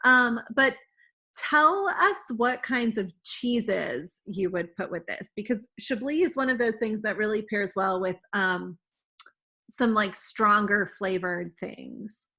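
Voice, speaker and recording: A woman hosting a casual travel chat, halting and full of ums and uhs. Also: medium pitch, animated, pushed and bright. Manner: halting, many "um" and "uh". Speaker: host.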